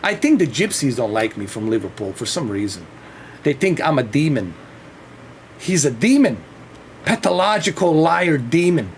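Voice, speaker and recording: A man's voice: on the high side, very animated, moderate pace, a little hiss or hum. A man chatting casually on a livestream, rambling and swearing freely. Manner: rambling and profane, with frequent restarts and laughs.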